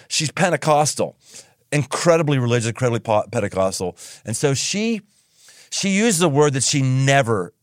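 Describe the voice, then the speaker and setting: A male podcast host telling a funny story in a casual, animated way and laughing as he goes. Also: medium pitch, dry recording, clean studio sound.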